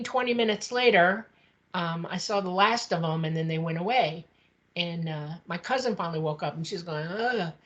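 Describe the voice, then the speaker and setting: A woman guesting on an interview show, telling a personal story in a chatty, expressive way. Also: lowish voice. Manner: chatty and expressive, acting out quotes.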